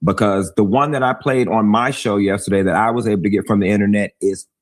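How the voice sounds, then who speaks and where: A man's voice: fairly low pitch, steady tone, fast. A man on a heated panel discussion, speaking bluntly and emphatically, repeating his points for force. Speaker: livestream host and commentator.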